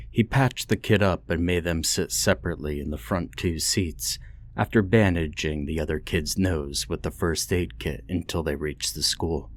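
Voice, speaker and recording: A man narrating a horror story in a measured, deliberate scripted reading. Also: low voice.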